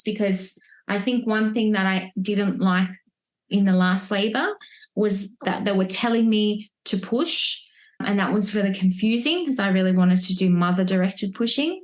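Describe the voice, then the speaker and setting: A woman talks casually as a podcast guest. She is reflective and chatty, often restarting her sentences. Her voice sits at an everyday middle pitch. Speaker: podcast guest, mother of three. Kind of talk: casual birth-story telling. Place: at home, holding a baby. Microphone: wearing headphones, remote podcast recording.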